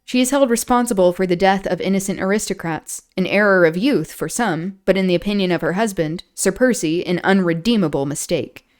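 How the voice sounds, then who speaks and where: Smooth-voiced streamer reading aloud. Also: female voice, lowish voice, a little fast. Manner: stumbles and restarts on words, laughs at own slips; breaks off into chatty commentary. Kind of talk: reading aloud with casual asides. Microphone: streaming setup.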